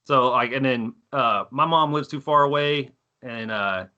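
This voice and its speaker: A man's voice: mid-range voice, a little slow, pushed and bright, highs cut off. A man in his thirties with a Texan accent, telling profane stories in casual chat, laughing often. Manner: profane, laughing, acts out quoted voices. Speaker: podcast guest.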